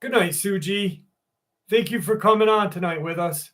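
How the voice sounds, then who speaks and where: A man's voice: high voice, moderate pace, fairly bright tone. A man hosting a casual live stream, joking and swearing as he greets viewers by name and reads a story aloud.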